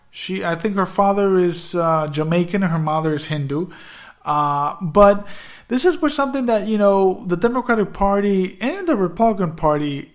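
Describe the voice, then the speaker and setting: A high-pitched man holds forth on a talk radio show in a loose, rambling way. He leans on filler phrases as he goes, with his voice sitting well above most men's. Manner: rambling, many "you know" fillers. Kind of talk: casual political talk.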